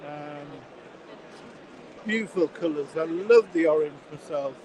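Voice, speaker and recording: A man's voice: a little high, measured pace, darkish tone, slight background noise, poor audio. A man hosting a live stream, chatting enthusiastically as he walks around a watch fair and asks exhibitors questions. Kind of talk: casual walk-around commentary. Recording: crowd chatter from a busy fair.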